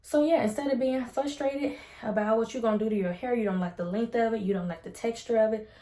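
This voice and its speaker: A woman's voice: on the high side, quick pace, mellow, reverberant. A woman vlogger talking casually about hair and faith, chatty and upbeat. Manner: chatty and upbeat, uses Southern US slang. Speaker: beauty vlogger. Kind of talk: casual chat with devotional talk. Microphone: ring light setup at home.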